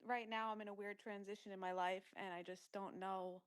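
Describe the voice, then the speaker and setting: A woman's voice: mid-range voice, level tone, moderate pace, clean tone. A woman taking part in a live channeling call who sounds shy, hesitant and emotional. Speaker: session participant. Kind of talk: casual live video chat.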